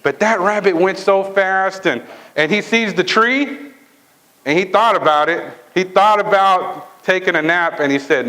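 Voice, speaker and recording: A man giving a motivational talk at a sales training event, telling a fable in a lively way and often checking in with the audience. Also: high-pitched, unhurried, rough recording. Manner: lively storytelling, checks in with "right?" and "okay?".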